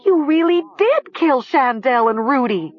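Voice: very animated, unhurried, highs cut off, full character voice. A reader doing a shrieking, panicked teenage girl. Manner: shrieking, high and frantic. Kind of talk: audiobook reading.

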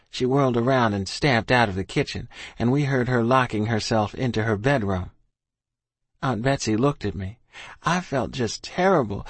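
A man's voice: mid-range voice, moderate pace, no room sound. A man reading a first-person story aloud in a plain, earnest, folksy way. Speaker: audiobook narrator.

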